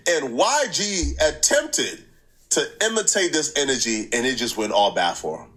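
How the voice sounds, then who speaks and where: A man hosting a reaction channel, giving casual, animated commentary, laughing easily and repeating points for emphasis. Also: medium pitch, normal speed, low-quality recording.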